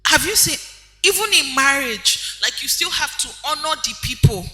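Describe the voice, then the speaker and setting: A woman preaches through personal stories, conversational and direct. Her voice is very high and strongly bright. It echoes in a hall with a long tail and faint music behind. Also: animated, normal speed. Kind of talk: sermon.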